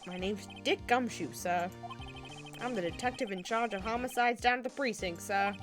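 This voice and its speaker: A woman's voice: a little high, normal speed, over music, natural voice. A woman voicing an eager, somewhat dim male police detective in a put-on accent, tacking a clipped "sir" onto his lines. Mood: earnest. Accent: mock gruff regional accent. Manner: ends every sentence with a clipped "sir".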